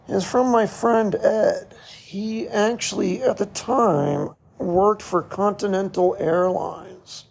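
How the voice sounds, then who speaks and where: A middle-aged man hosting a podcast, telling a personal story in a slow, reflective way with short laughs. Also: sits high, a little mellow. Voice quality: gravelly, husky. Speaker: podcast host.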